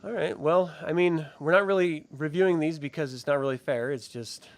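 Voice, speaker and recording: A man's voice: a little high, brisk. A man hosting a casual TV review chat, laughing often and swearing freely. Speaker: show host.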